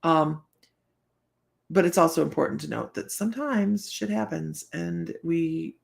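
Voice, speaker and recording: This woman speaks low and a little slowly, with vocal fry. She's a psychic reader hosting a casual live stream, telling rambling stories full of fillers and laughing often in a chatty way.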